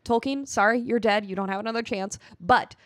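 A woman co-hosting a podcast, chatting in an expressive, outspoken way. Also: a little high, a little fast, dry recording, clean studio sound. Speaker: podcast co-host. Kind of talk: casual chat.

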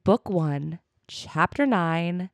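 A woman co-hosting a podcast in casual chat, hoarse and raspy from a cold, playful and quick to laugh. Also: lowish voice, expressive, no echo, clean studio sound. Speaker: podcast co-host. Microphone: studio mic.

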